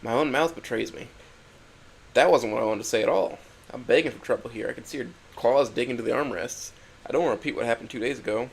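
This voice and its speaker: A man's voice: medium pitch, fast, vocal fry, slight background noise. A man narrating a first-person dramatic story, emotional and swinging from hurt to angry outbursts.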